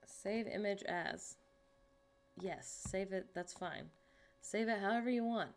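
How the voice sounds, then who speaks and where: A woman's voice: medium pitch, a little slow. A woman hosting a casual livestream from home, chatting with viewers and muttering to herself as she works. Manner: chatty, talks to herself while working on screen; greets and answers chat viewers. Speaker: livestream host.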